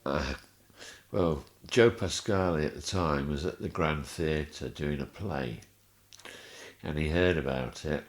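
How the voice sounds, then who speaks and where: Deep-voiced, chuckling male storyteller. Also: slow. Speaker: guest. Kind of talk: anecdotal storytelling in a podcast interview.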